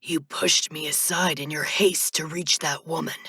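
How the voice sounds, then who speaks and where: A woman's voice: sits low, breathy edge, no echo, exaggerated voice. A woman doing an ancient whispering reaper. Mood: cold, insistent. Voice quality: strained, dry, cracked whisper. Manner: monotone, slow and deliberate. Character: ancient male reaper turning human, cold. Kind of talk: audiobook narration.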